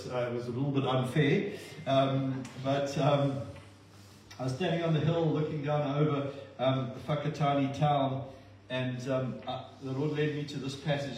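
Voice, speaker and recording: A man preaching a sermon, impassioned and at times halting and emotional. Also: mid-range voice, a little mellow, slight background noise. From not from New Zealand. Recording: echoey hall, distant mic, dull sound.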